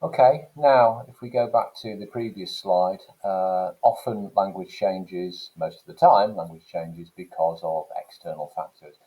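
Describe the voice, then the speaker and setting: Low, mellow-voiced male English teacher. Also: measured pace, few pauses, rough recording. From England. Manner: explanatory, with frequent "okay" and "so" fillers. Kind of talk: classroom lecture.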